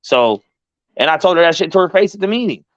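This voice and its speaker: A man hosting a casual talk show, telling a story in an animated, profane way and acting out the voices of the people in it. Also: fairly high pitch, fast talker, no echo, highs cut off. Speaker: podcast host.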